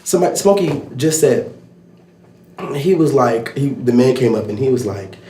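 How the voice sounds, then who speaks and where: A man chatting casually as co-host of a live stream, excitable, often shouting and laughing. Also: mid-range voice, normal speed, a little hiss or hum. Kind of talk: casual reaction chat. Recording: roomy echoey room.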